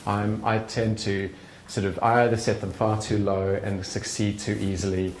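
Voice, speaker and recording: This middle-aged man speaks earnestly and conversationally in a bar's function room during an evening event. He has a fairly low pitch with little movement and a moderate pace. The live venue sounds roomy, with a bit of background noise.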